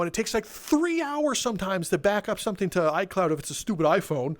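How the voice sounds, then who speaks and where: Man, young adult, slightly high voice, exasperated, sarcastic, profane comedic rant. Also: animated, quick pace. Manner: sarcastic, exasperated, swears freely. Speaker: comedic storyteller.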